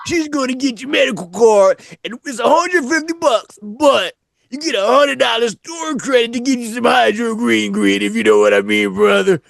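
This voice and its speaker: A man doing a booming gravelly sixty-year-old man, wrestler-style hype, drawn-out yells, pitched high and strained, dry close sound. He shouts his words with a rough rasp and never settles down. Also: very animated, dry recording, full character voice. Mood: boisterous. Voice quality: raspy, shouting catchphrases. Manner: hyped, drawn-out "oh yeah, brother" delivery.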